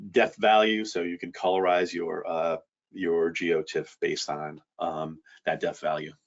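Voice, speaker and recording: A man presenting software features in a casual walkthrough, rambling with many fillers and restarts. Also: sits low, little pitch movement, unhurried. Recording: dull lo-fi sound.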